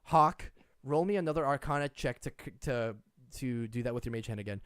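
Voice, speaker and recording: A man's voice: medium pitch, fairly quick, a bit bright, clean tone, dry recording, studio quality. A man narrating as game master, stumbling and restarting as he describes the scene.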